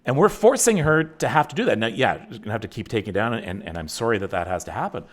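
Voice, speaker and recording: Middle-aged male host, chatty and self-deprecating, lively swooping delivery. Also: lowish voice, fast, few pauses. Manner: animated, rambling, self-mocking, with frequent restarts. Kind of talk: casual livestream chat with viewers.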